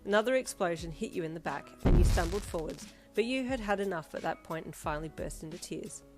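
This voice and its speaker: A woman narrating a fan fiction story in an expressive second-person reading. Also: lowish voice, quick pace, loud music behind the voice. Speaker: audiobook narrator.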